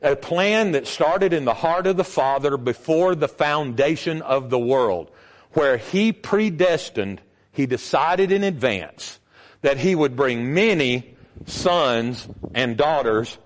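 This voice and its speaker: A man's voice: lively intonation, takes it slowly. Emphatic older male pastor preaching. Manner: emphatic, with sudden jumps in pitch and volume. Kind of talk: sermon.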